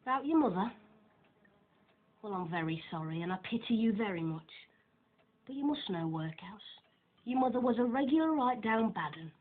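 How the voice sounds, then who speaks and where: An actor playing a mocking, sneering bully of an apprentice, on a tinny old film soundtrack. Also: male voice, sits high, expressive, normal speed, pauses often, slight background noise. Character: taunting bullying teenage apprentice.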